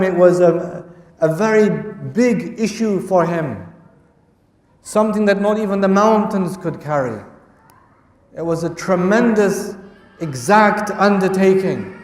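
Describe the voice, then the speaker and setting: A man's voice: high-pitched, darkish tone. A male lecturer telling Islamic historical stories, repeating key phrases for emphasis and mixing Arabic quotes with English. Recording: echoey hall from far off.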